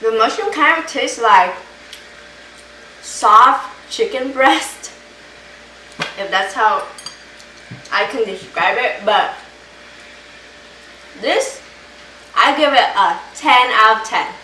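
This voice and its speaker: A woman's voice: fairly high pitch, lively intonation, takes it slowly, pauses often, pushed and bright, echoey room, distant mic, a little hiss or hum, low-quality recording. A woman chatting casually in a home cooking vlog, enthusiastic as she cooks and tastes her food. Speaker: home cook vlogger. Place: home kitchen.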